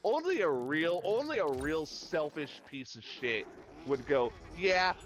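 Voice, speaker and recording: A man's voice: fairly high pitch, wildly swooping pitch, a little slow, slight background noise. A man chatting casually while streaming a game, rambling and joking with lots of swearing. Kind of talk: casual gaming chat.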